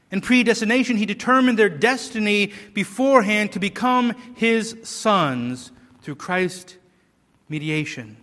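A man's voice: sits high, a bit bright, big-room sound. A man preaching a sermon, earnest and emphatic, with rhetorical questions and repeated words.

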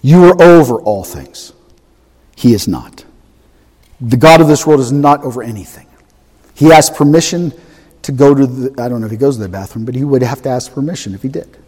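A man preaching a sermon, emphatic and animated, swinging from loud to soft. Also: mid-range voice, brisk, breathy edge. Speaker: pastor. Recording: long hall reverb.

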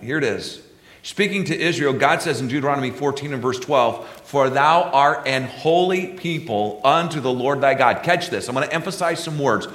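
A man delivers a sermon, reading scripture in old-style wording. His preaching drops to hushed, low passages and then climbs to loud, high, emphatic peaks. The room gives his voice a noticeable echo. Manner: reads scripture in King James wording. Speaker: pastor. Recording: echoey room.

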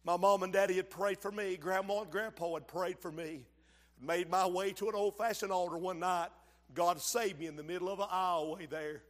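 A man preaching a fervent sermon, swinging from shouts to low asides and calling out to the congregation. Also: steady tone, moderate pace. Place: church sanctuary. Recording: long hall reverb.

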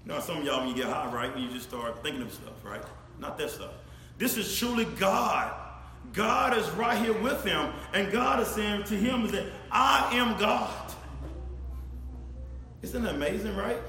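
A man preaching a sermon, speaking straight to his congregation, swinging from shouted emphasis to low, quiet asides. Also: normal speed. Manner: animated, addresses congregation directly, rises to shouts then drops low. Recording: echoey hall with faint ambience.

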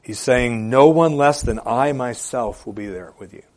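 A male pastor preaching a sermon, repeating phrases for emphasis and moving between loud declarations and quiet, hushed appeals. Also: mid-range voice, moderate pace. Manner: repeats phrases for emphasis with occasional filler hesitations.

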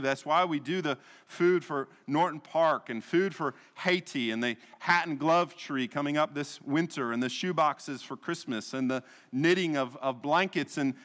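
A man's voice: on the high side, a bit bright. Male pastor preaching in a reverberant hall. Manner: rhetorical, rising and falling preaching delivery with tag questions. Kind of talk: sermon.

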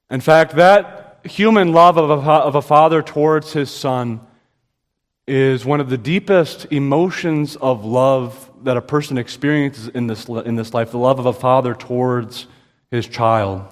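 With a long reverb tail on the recording, a man preaches as pastor, forceful in tone. Sudden pitch rises mark his speech, and quotes come out slow and stressed.

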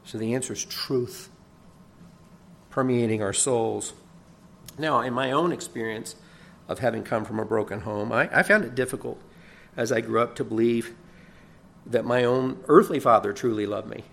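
Pastor guy giving a sermon, gravelly voice, earnest, leans hard on key words. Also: medium pitch, normal speed, long pauses, a bit bright, slight background noise. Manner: earnest preaching with rising emphasis, occasional chuckles and repeated words.

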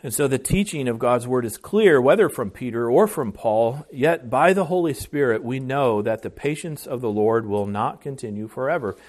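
Male pastor, sermon delivery, mid-pitched voice, earnest, restarts words, rises in volume to stress points. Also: expressive, normal speed, few pauses, darkish tone. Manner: earnest preaching with frequent restarts, swells in volume on key phrases.

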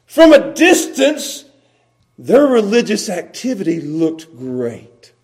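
A man with a very high voice preaches a lively sermon from the pulpit. He presses his points hard, chuckles between phrases and doubles back on his words as he builds. The sound carries the feel of a church service. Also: takes it slowly. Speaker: pastor.

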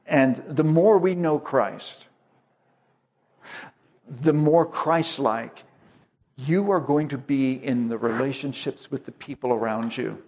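Slow, deliberate male preacher. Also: medium pitch, a little mellow. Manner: slow, deliberate preaching with homely illustrations and restarts. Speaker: pastor. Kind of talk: sermon.

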